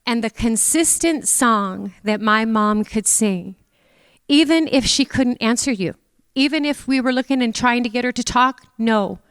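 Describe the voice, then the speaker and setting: A woman's voice: on the high side, measured pace, fairly bright tone, clean tone, dry recording, big-room sound. A middle-aged woman from Canada giving a tearful, heartfelt memorial tribute to her mother in a church. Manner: tearful, emotional, speaks of feelings openly.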